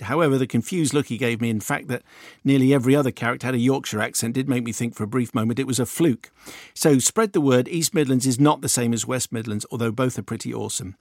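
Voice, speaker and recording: A man from the UK co-hosting a film radio show, reading out listener emails and chatting briskly. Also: medium pitch, a little mellow, dry recording, clean studio sound. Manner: brisk, reads listener emails aloud, then chats. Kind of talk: casual radio chat, reading letters aloud.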